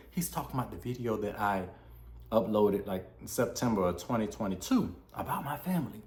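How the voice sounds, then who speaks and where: A man's voice: on the low side, animated, normal speed, darkish tone. A young man vlogging a candid personal story, heartfelt and acting out the dialogue he quotes. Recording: roomy echo.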